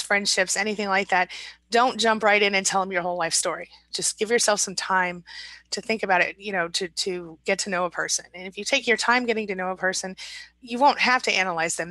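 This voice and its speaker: Forties woman, support-coach host on a live stream, bright and pointed tone, reassuring and chatty, dry sound. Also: medium pitch, dry recording, low-quality recording. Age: 40s. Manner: reassuring, chatty, frequent restarts and fillers. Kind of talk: live stream chat reading viewer comments.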